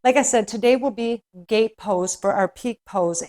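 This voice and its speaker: A woman's voice: fairly high pitch, normal speed, darkish tone. Encouraging woman yoga instructor, slightly breathless. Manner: soothing, encouraging, spiritual phrasing with frequent "right?". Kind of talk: guided yoga class instruction.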